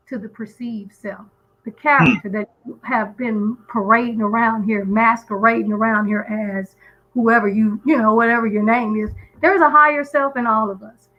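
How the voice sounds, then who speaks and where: Earnest woman caller on a lo-fi line. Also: fairly high pitch. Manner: earnest, emphatic storyteller with frequent restarts. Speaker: guest caller on a live stream. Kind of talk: casual call-in chat.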